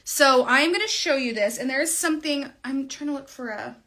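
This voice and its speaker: Bright-voiced woman chatting through makeup. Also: sits high, animated, brisk. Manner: chatty, rambling, trails off mid-sentence. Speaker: makeup vlogger. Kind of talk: casual makeup tutorial.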